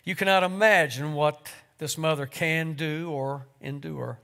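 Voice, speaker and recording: A man's voice: fairly high pitch, fairly even intonation, measured pace, creaky, pushed and bright, clear, resonant tone, heavily acted. A man voicing the Lord, a patient male creator proud of his work, as part of a read-aloud story in a sermon. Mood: earnest.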